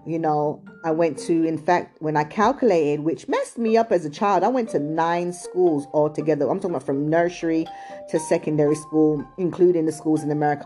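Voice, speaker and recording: A woman's voice: low-pitched, warm tone. A middle-aged British woman raised in England and Chicago, telling a casual, digressive childhood story full of "like" and "you know". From England, also raised in Chicago.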